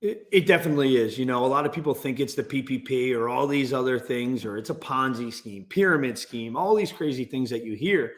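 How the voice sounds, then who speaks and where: A man guest in a casual interview, telling stories in an animated, restless way. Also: medium pitch. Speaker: guest business owner.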